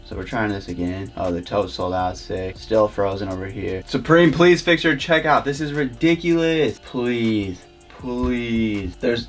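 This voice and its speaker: Frustrated young man vlogging. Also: medium pitch. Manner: frustrated, whiny, pleading. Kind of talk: casual live commentary.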